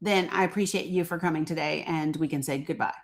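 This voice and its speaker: A woman's voice: deep voice, quick pace. Woman chatting live to her viewers. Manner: chatty, laughs often, talks straight to viewers. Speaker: livestream host. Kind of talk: casual live-stream chat.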